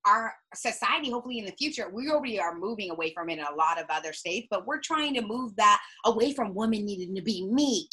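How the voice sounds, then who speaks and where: A young woman in casual reality-TV chat, blunt and animated, swearing freely and mimicking people. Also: mid-range voice, fast talker, few pauses, breathy edge.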